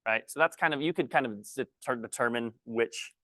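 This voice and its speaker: A man's voice: medium pitch, fairly bright tone. A man leading a training workshop, a little out of breath. He keeps restarting his sentences and talks while writing on a board. The sound is dry, with no room echo. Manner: halting, restarts sentences often; writes on a board while talking. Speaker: guest trainer. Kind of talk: teaching a workshop.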